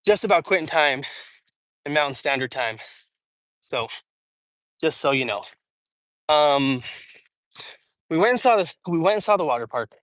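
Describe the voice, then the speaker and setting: A man's voice: a little high, lively intonation, normal speed, long pauses, a bit bright, no room sound. A young man from Idaho hosting a casual walk-and-talk livestream outdoors in a park, hot and sweaty, chatty and rambling, with lots of fillers and restarts, reading and answering chat. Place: outdoors in a large public park.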